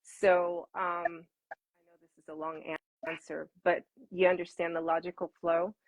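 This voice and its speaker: A woman answering interview questions as an intimacy coach, animated and laughing, often repeating words for emphasis. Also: lowish voice, normal speed, no echo, poor audio.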